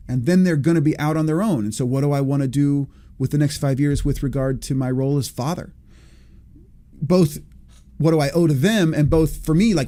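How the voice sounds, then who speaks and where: Male podcast host, 40s, slightly high, mellow voice, rambling reflective delivery. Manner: rambling, self-correcting, thinking aloud. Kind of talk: reflective solo podcast talk.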